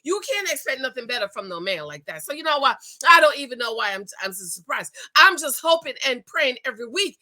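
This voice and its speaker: Woman, 40s, recap host, sassy and emphatic, very bright tone. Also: sits high, very animated, fairly quick, few pauses. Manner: sassy and emphatic, calls viewers "girl". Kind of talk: casual commentary, talking to camera.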